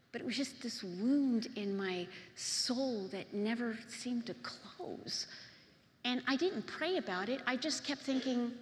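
A middle-aged woman, a pastor's wife, giving a personal testimony sermon, moving between hushed confession and loud, excited storytelling. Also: a little high, a little slow. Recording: long hall reverb.

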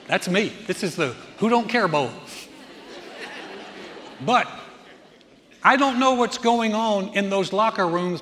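A pastor in full sermon mode, his high voice carrying through a large hall with a long reverb tail. He preaches with animation, leaning hard on repeated phrases to drive each point home. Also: a bit bright.

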